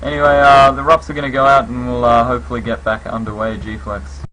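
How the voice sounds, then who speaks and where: A man giving live play-by-play commentary on a game match, calling action in quick bursts that jump up on big plays. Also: medium pitch, poor audio. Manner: rapid calls with bursts of excitement on kills. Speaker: esports commentator.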